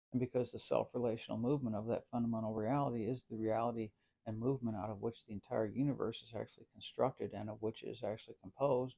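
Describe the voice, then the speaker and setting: Gravelly, measured male narrator. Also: mid-range voice, dark tone. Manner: measured, formal, long winding sentences. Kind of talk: scripted philosophical narration.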